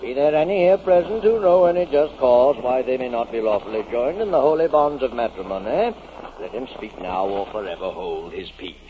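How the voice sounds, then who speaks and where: A man's voice: medium pitch, lively intonation, brisk, lightly acted. Guy doing a stiff formal minister, thin tinny old radio sound with hiss. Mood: solemn. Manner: formal, ceremonial. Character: solemn male minister at a wedding.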